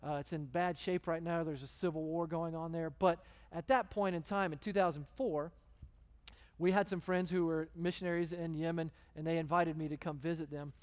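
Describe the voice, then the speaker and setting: A man, a guest preacher telling a story in a conversational, animated way. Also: fairly high pitch, normal speed. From Texas. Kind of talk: sermon storytelling. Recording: long hall reverb.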